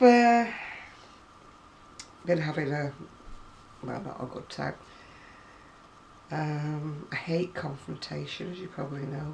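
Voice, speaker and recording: A middle-aged woman talks casually to camera in a gravelly, creaky voice. She rambles from one story to the next and breaks into ranting asides. Faint background hiss sits under her voice. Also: sits low. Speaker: crafting vlogger.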